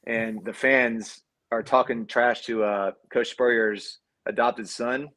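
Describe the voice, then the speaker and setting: This guest, a Cuban-heritage ex-college quarterback in his thirties, talks slowly in a slightly bright voice with fairly even intonation. His casual interview stories are profane and relaxed, with quotes acted out in a higher pitch.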